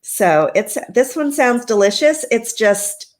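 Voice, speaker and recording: A woman co-hosting a casual podcast chat, enthusiastic and quick to laugh. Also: on the high side, animated. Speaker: podcast co-host.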